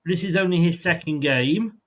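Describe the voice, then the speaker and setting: A man's voice: on the high side, moderate pace. A man hosting a football prediction show, chatting casually and rambling with frequent ums and restarts. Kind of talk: casual chat.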